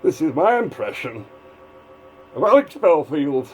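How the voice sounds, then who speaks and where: A man's voice: fairly high pitch, very animated, unhurried, soft background music, low-quality recording. A man giving a casual, rambling video commentary, drifting between asides. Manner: rambling, digressive, full of fillers and restarts. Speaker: vlogger.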